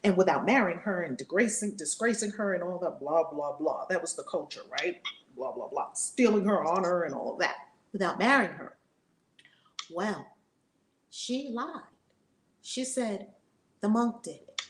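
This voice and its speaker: A woman spiritual teacher telling a story in an animated, conversational way. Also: lowish voice, moderate pace, reverberant. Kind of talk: storytelling lesson.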